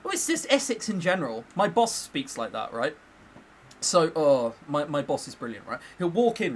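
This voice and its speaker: A man's voice: a little high, sing-song, moderate pace, slight background noise. Chatty sweary streamer man. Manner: chatty, swears a lot, joking asides. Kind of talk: casual let's-play commentary.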